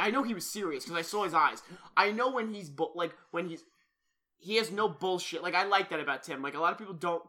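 A young man co-hosting a casual podcast, animated and teasing, getting loud when excited. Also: on the high side. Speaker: podcast co-host.

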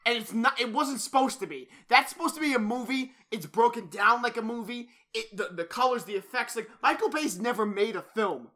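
A young man co-hosting a casual podcast, animated and teasing, getting loud when excited. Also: very high voice, a little fast, few pauses. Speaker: podcast co-host.

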